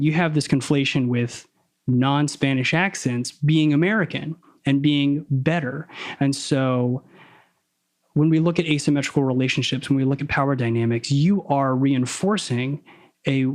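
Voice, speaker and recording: A man talking as a podcast guest, over-enunciating his words on purpose and stopping to correct himself as he probes ideas. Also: mid-range voice. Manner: deliberately crisp, over-enunciated diction; analytical, probing, self-correcting. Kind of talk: casual conversation.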